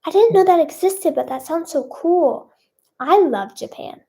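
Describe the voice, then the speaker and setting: A woman's voice: very high voice, expressive, unhurried, dark tone. A young woman singer answering fan questions in casual chat, bubbly and self-conscious, with many fillers.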